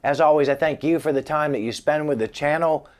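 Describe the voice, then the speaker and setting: A man's voice: on the high side, a little fast, darkish tone. A man reviewing a guitar amp in a casual, wisecracking video, with jokes thrown between demonstrations. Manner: joking, wisecracking asides. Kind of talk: casual gear demo vlog. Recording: guitar playing behind the voice.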